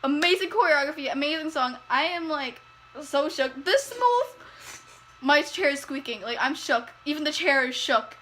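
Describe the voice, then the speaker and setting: High, lively young woman reacting excitedly. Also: normal speed, slight background noise, low-quality recording. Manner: gushing, squealing and laughing at the screen. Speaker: reaction video host. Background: faint music from the video being watched.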